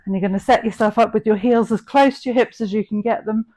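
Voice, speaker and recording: A woman's voice: on the high side, steady tone, fast talker, dark tone. A middle-aged woman leading a live online workout class, cueing each rep and posture in an encouraging, practical way. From England. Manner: encouraging, cueing reps and form. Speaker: fitness instructor.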